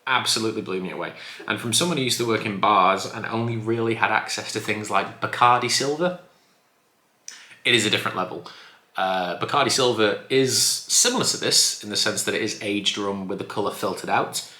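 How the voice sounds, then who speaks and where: Bright-voiced man in echoey room. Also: fairly low pitch, fairly quick. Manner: chatty, enthusiastic, self-correcting. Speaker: spirits reviewer. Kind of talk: casual review vlog.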